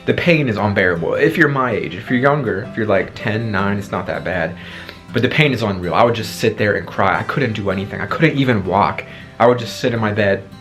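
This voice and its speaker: A young man in his twenties with a fairly low voice tells a story to his viewers in a lively, dramatic way, acting out what he said back then. He is talking through a sore throat, and soft guitar music plays behind him. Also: fairly quick. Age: 20s. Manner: animated storytelling, acting out his own past lines. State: sore throat after tonsil surgery. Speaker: vlogger. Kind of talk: storytime vlog.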